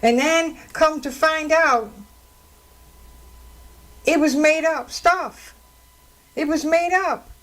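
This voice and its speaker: A woman radio host and counselor talks solo into a studio microphone, in a high-pitched, slightly bright voice that's slow with long pauses, on a rough recording. Her commentary is conversational and indignant as she tells stories.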